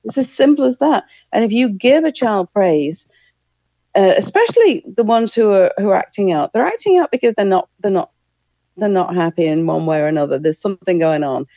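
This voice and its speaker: A middle-aged woman who works as a therapist and trainer talks enthusiastically as a guest in a conversational interview, acting out quoted speech. Her medium-pitched voice is expressive and brisk with a dark tone. There's no echo, but the sound is dull and lo-fi.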